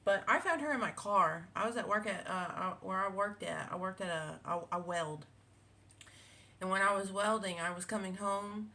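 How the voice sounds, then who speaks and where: This quilting vlogger is a woman with a fairly low-pitched, sharp-toned voice. She's chatting casually at home alongside her cats, wandering off track with many fillers and restarts.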